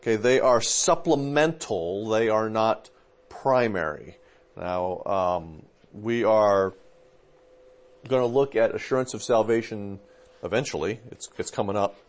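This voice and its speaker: Low-voiced man preaching in a chatty way. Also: measured pace. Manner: chatty, many fillers, checks in with "okay?". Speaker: pastor teaching a class. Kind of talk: conversational teaching.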